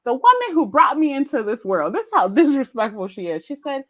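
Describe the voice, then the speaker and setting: Young female host, high, very animated, laughs through her stories. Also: brisk. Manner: animated, laughing often, emotional storytelling. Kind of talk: casual chat on a live stream.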